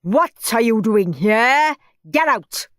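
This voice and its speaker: A woman voicing a stern, easily rattled male schoolteacher who shouts and screeches in an audiobook. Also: a little high, expressive, slow pace, dry recording, clean studio sound, voice pushed up. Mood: angry. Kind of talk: audiobook character voice.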